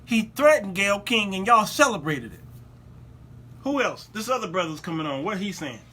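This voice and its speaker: Man, host, high-pitched, bright, sarcastic, preachy, repeats himself. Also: big pitch swings, normal speed. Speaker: show host. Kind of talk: opinionated commentary show.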